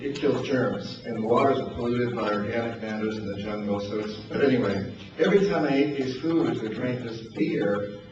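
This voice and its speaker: Older guy from new hampshire telling stories, chuckles a lot, muffled lo-fi sound with noise behind. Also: mid-range voice. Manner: anecdotal, chuckling, repeats words. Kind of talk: storytelling talk. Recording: echoey distant lo-fi with noise.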